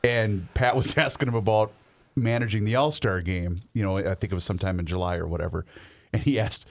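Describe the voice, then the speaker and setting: A man co-hosting a talk radio show in a casual style, telling stories in an animated way. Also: fairly low pitch, fairly quick, gravelly. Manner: animated storyteller. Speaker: radio co-host.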